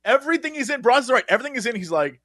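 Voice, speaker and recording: A young man co-hosting a podcast in casual chat, goofy and quick to slip into silly impressions. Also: extremely high pitch, sing-song, bright, forceful tone, dry recording, studio quality. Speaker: podcast co-host.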